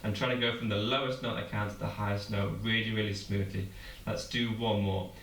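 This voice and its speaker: A man leads a vocal warm-up in a patient, encouraging way, his voice sitting a little low. He is recorded from some distance in a roomy space, with faint ambience behind him. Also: level tone, brisk, slight background noise. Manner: patient, encouraging instruction with demonstrations. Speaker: vocal coach. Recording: roomy, from far off the mic.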